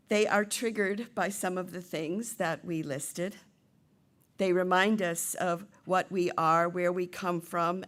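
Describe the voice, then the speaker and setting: A middle-aged woman minister preaching a sermon, retelling a play and voicing its characters with lively shifts. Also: on the low side. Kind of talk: sermon with storytelling.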